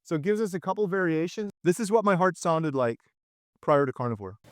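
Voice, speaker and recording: A man's voice: fairly high pitch, brisk, no room sound, clean studio sound. A middle-aged man hosting his own channel, chatting with enthusiasm to his viewers. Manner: enthusiastic, animated. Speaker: channel host. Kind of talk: casual video chat.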